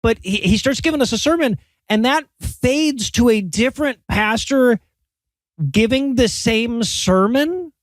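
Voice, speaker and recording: A man's voice: very high-pitched, lively intonation, measured pace, dry recording. A man co-hosting a podcast, sarcastically retelling a bad movie and laughing often. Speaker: podcast co-host. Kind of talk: casual comedic movie review.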